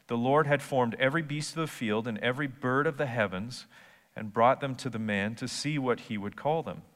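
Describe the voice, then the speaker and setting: A man's voice: mid-range voice, fairly bright tone, in a large hall. A male pastor preaching a sermon, conversational at first and then rising to emphatic points.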